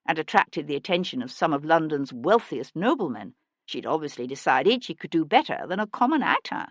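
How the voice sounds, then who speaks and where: Low-voiced lady reading a mystery novel, measured and expressive, close dry mic. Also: dry recording. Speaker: audiobook narrator. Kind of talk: scripted narration.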